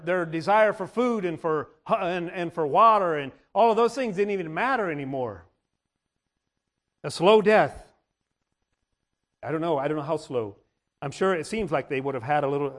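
High-voiced man preaching a sermon. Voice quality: frequent throat clearing. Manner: repetitive, restarting phrases, dramatic emphasis.

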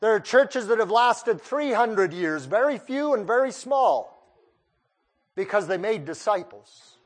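A man's voice: sits high, animated, measured pace. A male preacher delivering a sermon, putting pointed questions straight to his listeners. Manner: questions the listeners directly, emphatic.

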